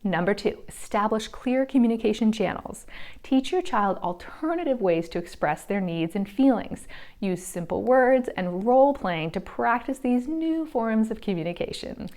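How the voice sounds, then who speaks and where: A woman who teaches parenting, giving a scripted educational explainer in a calm, measured, reassuring way. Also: on the high side.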